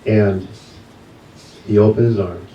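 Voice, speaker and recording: A man's voice: on the low side, fairly even intonation, dull audio, a little hiss or hum. Man telling a story in an echoey hall. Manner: storytelling with pauses and soft laughs. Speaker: guest speaker, yoga teacher. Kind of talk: personal story in a church message. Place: church sanctuary. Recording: echoey hall, mic from a distance.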